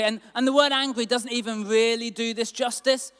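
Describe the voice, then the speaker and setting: A man preaching a sermon as a pastor, animated and acting out quotes with sudden bursts of loudness. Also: very high-pitched, normal speed, few pauses, clean tone. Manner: animated, acts out quotes with big swings in loudness. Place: church hall. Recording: long hall reverb.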